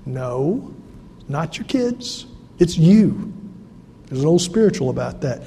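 A man's voice: sits high, very animated, normal speed, mellow, in a large hall, a little hiss or hum. A pastor from South Carolina, preaching an earnest, conversational sermon to his congregation in a church. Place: church sanctuary.

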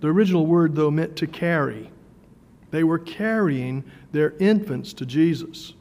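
A man preaching a sermon in a conversational way, with fillers and repeated words, slowing down for emphasis. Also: fairly high pitch, a little mellow. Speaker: pastor. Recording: long hall reverb.

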